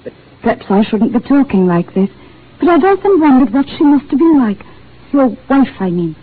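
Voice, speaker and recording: An actress playing a shy, gentle and lonely bookshop clerk, speaking sweetly in a 1940s radio drama on a tinny broadcast. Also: female voice, sits high, big pitch swings, normal speed, husky, exaggerated voice. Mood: tender. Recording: tinny lo-fi old radio broadcast, faint hiss.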